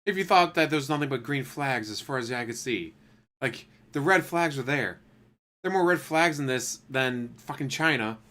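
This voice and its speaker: A man's voice: medium pitch, animated, moderate pace, sharp tone. A man reacting to a video in blunt, incredulous commentary, swearing often and mocking the person he watches. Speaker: commentary streamer. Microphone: desktop USB mic.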